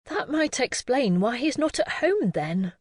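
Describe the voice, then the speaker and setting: A fussy, worried older woman in a storybook, as a woman narrator puts her on. She frets and insists, and her voice swings high and low. She speaks slowly, close to a dry mic. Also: big pitch swings, no echo, exaggerated voice. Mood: fretful. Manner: fretful and insistent.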